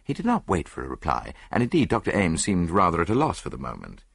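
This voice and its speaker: Male narrator, audiobook reading, gravelly husky voice, dry close sound. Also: sits low, wildly swooping pitch, no echo. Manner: measured, first-person narration.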